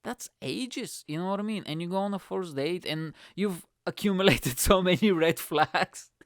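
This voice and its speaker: A man's voice: high-pitched, moderate pace, no room sound, clean studio sound. A man hosting his own comedy podcast, telling a dating story in a casual rant full of swearing. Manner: swears constantly, animated storytelling.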